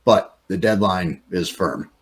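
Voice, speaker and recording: A man as a player in a tabletop role-playing game, speaking in a measured way. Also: sits low, breathy edge.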